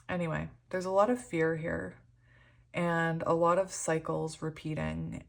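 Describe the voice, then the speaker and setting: A woman giving a pick-a-card tarot reading, emotional and hesitant, shaky and close to tears, with many pauses and ums. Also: deep voice, creaky. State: shaky and tearful. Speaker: tarot reader.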